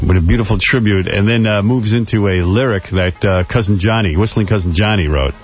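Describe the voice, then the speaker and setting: A man's voice: lowish voice, fairly quick, breathy edge, faint music behind. A male radio host, brash and teasing, running a call-in talk show. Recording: dull lo-fi radio audio.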